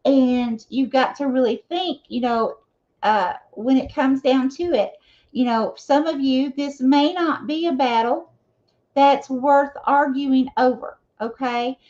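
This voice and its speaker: A woman's voice: high voice, slow, darkish tone. A woman giving a live tarot reading, talking casually and checking in often with her viewers. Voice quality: conversational, frequent "okay?" and "you know" fillers. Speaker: tarot reader. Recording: dull lo-fi sound.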